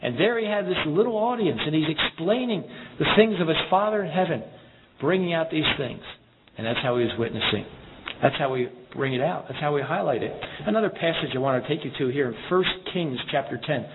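A man's voice: on the high side, expressive. Man preaching over a tinny line. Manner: measured, earnest preaching with scripture readings. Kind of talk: sermon. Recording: tinny phone-like sound with background noise.

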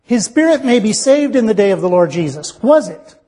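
A man's voice: high-pitched, very animated, brisk, warm tone, big-room sound. A man preaching a sermon in an earnest, reasoning way, acting out little dialogues to make his point.

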